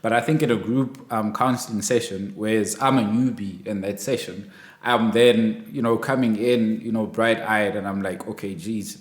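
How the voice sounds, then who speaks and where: A man's voice: on the low side, steady tone, normal speed. A man hosting a conversational interview, asking questions and giving frequent short affirmations. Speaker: podcast host. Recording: roomy echo.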